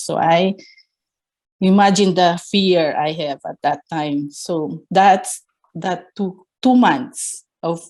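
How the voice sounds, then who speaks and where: A woman's voice: fairly low pitch, a little mellow. A woman with a Filipino accent, recounting her experiences in an interview, hesitant with frequent fillers and acting out the dialogue she recalls. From Philippines. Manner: hesitant with many fillers, acts out quoted dialogue. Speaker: nurse interviewee. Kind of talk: conversational storytelling interview.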